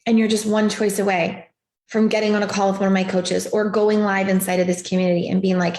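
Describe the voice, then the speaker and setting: A woman's voice: mid-range voice, little pitch movement, fairly quick, a little mellow, reverberant. A woman hosting a live stream as a life coach, giving an emphatic, repetitive motivational talk over a video call. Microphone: video call setup.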